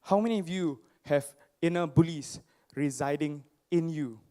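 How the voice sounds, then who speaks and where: High-voiced man telling stories on stage. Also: moderate pace, warm tone. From Singapore. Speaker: motivational speaker. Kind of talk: personal storytelling speech to a live audience. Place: stage before a live audience.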